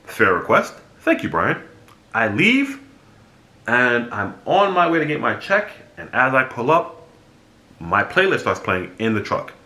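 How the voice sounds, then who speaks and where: A young man talking straight to his viewers, telling a story in a blunt, animated way and swearing freely. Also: mid-range voice, unhurried. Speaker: vlogger. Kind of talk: casual storytelling monologue. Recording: echoey room.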